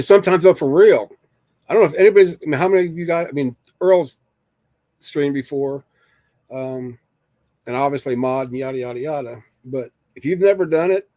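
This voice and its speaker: A man's voice: mid-range voice, dark tone, dry recording. Chatty man streaming alone, dry close mic. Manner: rambling, jokey, reads chat aloud. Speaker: live streamer. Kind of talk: casual live-stream chat with viewers.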